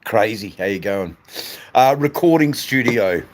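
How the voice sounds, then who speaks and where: Slow, deep-voiced Australian bloke rambling. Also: male voice, expressive, a little hiss or hum. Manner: rambling, swearing, chatting to viewers. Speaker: livestream host. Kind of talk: casual livestream chat.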